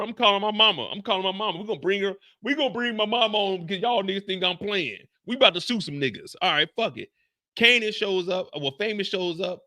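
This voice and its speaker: A man hosting a casual show recap, telling stories loudly with lots of profanity and acting out the dialogue. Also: high-pitched, quick pace, no room sound, clean studio sound. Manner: loud, profane, animated, acts out dialogue. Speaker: show host.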